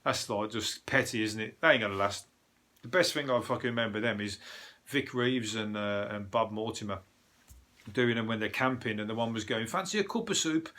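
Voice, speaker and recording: A man's voice: fairly low pitch, fairly even intonation, normal speed, bright, forceful tone. A man with a Birmingham accent, a comedian hosting a podcast, rambling and swearing through a casual news review with jokes. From English Midlands.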